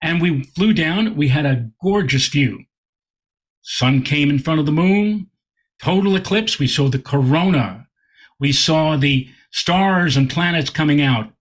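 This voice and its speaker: Astronomer guest, male, husky slightly high voice, animated storyteller. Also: measured pace. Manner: animated, repeats words while telling a story. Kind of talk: anecdotal storytelling in interview.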